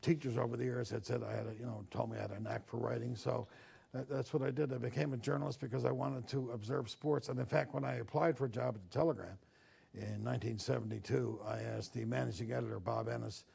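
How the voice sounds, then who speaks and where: An older man from Newfoundland, Canada, who writes a newspaper column, recalls his childhood in a sit-down interview. A reflective storyteller, he acts out the voices he quotes. His mid-range voice is fast, creaky and mellow, with fairly even intonation.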